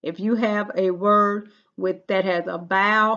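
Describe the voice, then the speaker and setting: A woman teaching young children in a recorded lesson, speaking slowly and patiently. She drills each rule by repeating it, and her voice comes through a dull, lo-fi recording. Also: mid-range voice, steady tone, a bit bright. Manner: slow, patient, repeats rules in a sing-song drill. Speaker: first grade teacher.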